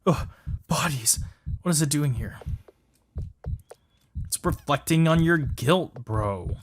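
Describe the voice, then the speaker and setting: A man's voice: fairly high pitch, lively intonation, takes it slowly, a little hiss or hum. A man casually commenting as he plays a horror game, in a wry, chatty manner. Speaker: let's play host. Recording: music playing behind.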